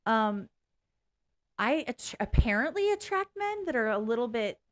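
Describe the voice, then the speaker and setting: A woman's voice: a little high, big pitch swings, a little slow. A woman vlogging casually in a blunt, candid way, swearing freely, rambling and restarting as she talks. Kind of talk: casual reaction vlog.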